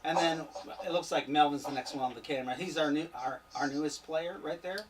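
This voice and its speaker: A man's voice: fairly high pitch, a little fast. A man in his forties hosting and running a streamed tabletop game, easygoing and joking with his players. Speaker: game master and stream host. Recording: distant mic with faint noise.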